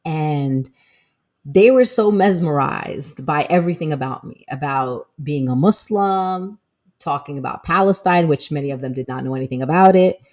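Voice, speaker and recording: Low-voiced Brooklyn woman, animated talk. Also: normal speed. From Brooklyn, New York. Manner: animated, repeats "listen" and "y'all". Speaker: podcast co-host. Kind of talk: casual chat.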